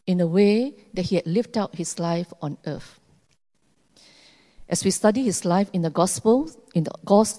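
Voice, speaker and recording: Female preacher, slow earnest sermon delivery, warm low tone, long hall reverb.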